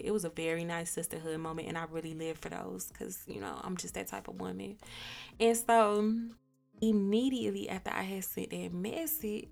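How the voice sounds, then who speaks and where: A woman hosting a podcast, telling a personal story in a casual, animated way, swearing and laughing often. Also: lowish voice, gravelly. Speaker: podcast host.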